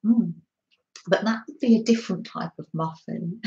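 A woman's voice: mid-range voice, lively intonation, takes it slowly, long pauses, dull audio. An Englishwoman hosting a craft livestream, chatting casually, greeting viewers by name and giggling often. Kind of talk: casual chat reading live comments. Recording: echoey room.

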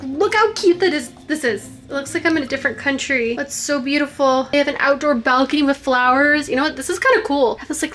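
Bubbly high-voiced young woman vlogger. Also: fairly bright tone. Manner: bubbly, gushing, says everything is cute. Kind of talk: casual vlog narration. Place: hotel room, indoors. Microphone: handheld phone camera.

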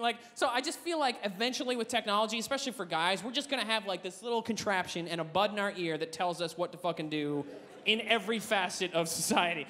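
A man doing a stand-up comedy set, rambling and swearing with animated energy on a comedy club stage. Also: high-pitched. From Canada. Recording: echoey club with audience laughter.

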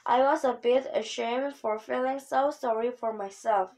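A woman reading a children's novel aloud in a steady, unhurried way. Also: a little high, poor audio. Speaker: reader.

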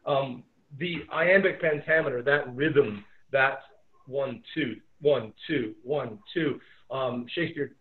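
A male teacher talks through a remote lesson in a loose, rambling way, pausing for plenty of ums. The sound is thin and phone-like, as if heard over a call. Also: mid-range voice. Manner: relaxed, rambling, many fillers. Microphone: video call. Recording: tinny phone-like audio.

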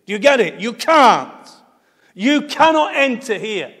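A man's voice: sits high, expressive, unhurried, a bit bright. A man with an English accent preaching a sermon as pastor, emphatic and fond of repeating phrases for effect. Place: church sanctuary. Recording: long church reverb.

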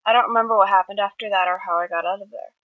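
A woman's voice: mid-range voice, steady tone, racing, no echo, phone-quality sound, lightly acted. A woman voicing a stubborn teenage boy vigilante who brushes off worry. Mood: defiant.

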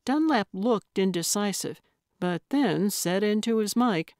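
Brief: unhurried woman narrator for a cozy mystery read, dry close sound. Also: medium pitch, no room sound. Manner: even, measured storytelling. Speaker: audiobook narrator. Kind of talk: scripted narration.

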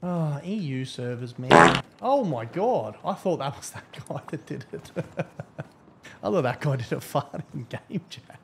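A man's voice: on the high side, big pitch swings, measured pace, gravelly, noisy background. A man giving casual, profane, rambling live-stream commentary as a game streamer.

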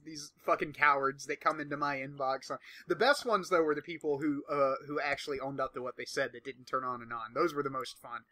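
A man's voice: a little high, pushed and bright. A man in a casual podcast chat, talking bluntly and swearing often. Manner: blunt and profane.

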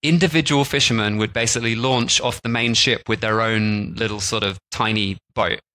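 A man's voice: on the low side, steady tone, moderate pace, pushed and bright, rough recording. A man co-hosting a travel podcast, chatting casually with plenty of "like" and restarts. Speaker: podcast co-host. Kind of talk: casual chat.

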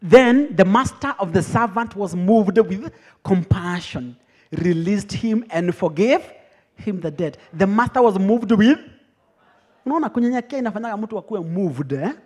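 A young Kenyan man preaching a teaching sermon, lively and teasing, laughing often with his congregation. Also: high-pitched, normal speed. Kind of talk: teaching sermon, mixing English and Swahili.

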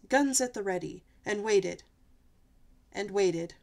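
A woman storyteller reading a children's picture book aloud, with an expressive, animated delivery. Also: mid-range voice, measured pace.

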